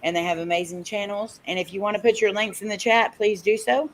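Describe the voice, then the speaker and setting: A woman hosts a casual live-stream chat with a group of guests. She talks in a mid-pitched, easygoing voice and tends to laugh through her stories. A faint hiss sits under the recording. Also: steady tone, a little fast, low-quality recording. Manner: chatty, laughs while telling stories. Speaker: host.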